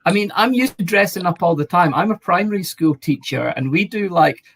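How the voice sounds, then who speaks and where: A man who is a primary school teacher, giving dry, low-key answers in a casual chat. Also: expressive, fairly quick.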